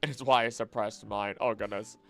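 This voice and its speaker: A young Southern American man, his voice fairly low, brisk and fairly even with vocal fry, streams a casual late-night chat. He reads chat messages aloud, muttering as he reads, and rambles and corrects himself as he goes. Faint music and keyboard typing sit in the background.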